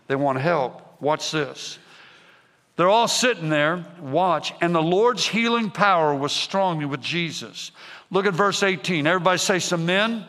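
A man's voice: a little high, normal speed. A man preaching a revival sermon, calling out to the congregation again and again. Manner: energetic, repetitive calls to the congregation. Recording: long hall reverb.

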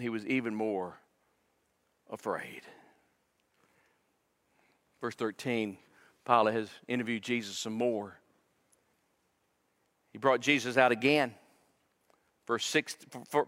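A man's voice: mid-range voice, pushed and bright. A male pastor preaching a sermon in a church, dramatic and emphatic, repeating words as his intensity builds. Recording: long reverb of a large hall.

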